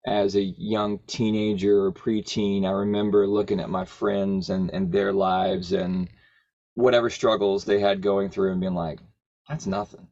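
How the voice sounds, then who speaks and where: A man speaks as a podcast guest, his voice gravelly and textured. He recounts memories earnestly and thoughtfully, pausing often to find his words. The recording sounds a bit muffled. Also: deep voice, level tone, a little mellow. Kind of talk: reflective personal storytelling.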